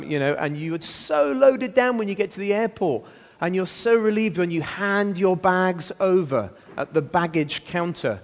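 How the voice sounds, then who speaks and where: A man leads an interactive sermon in a playful, exclaiming manner, his voice sitting high for a man. The sound rings with the long reverb of a church hall. He jokes with the congregation and draws them in with questions. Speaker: preacher. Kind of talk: interactive all-age sermon.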